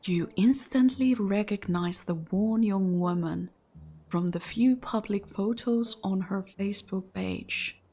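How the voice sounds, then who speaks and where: A woman with a mellow, medium-pitched voice speaks slowly while hosting a gaming channel. She offers chatty commentary and whispers the story narration of a visual novel as she reads it aloud.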